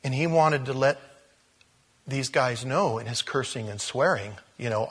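A man's voice: medium pitch, unhurried, a bit bright, breathy edge. A male pastor preaching a sermon in a church, telling the story with jokes and acting out the scenes. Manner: jokey, storytelling preacher who acts out scenes.

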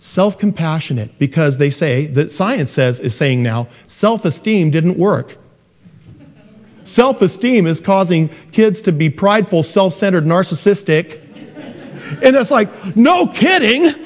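A middle-aged man preaching a sermon, animated and joking, who mimics parents in a soft sing-song voice. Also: fairly high pitch, measured pace. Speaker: pastor. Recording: long hall reverb.

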